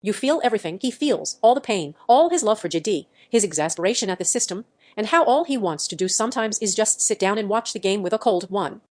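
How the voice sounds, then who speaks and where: A woman reading forum comments aloud in an even, matter-of-fact way. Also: medium pitch, a little fast. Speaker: narrator reading online comments.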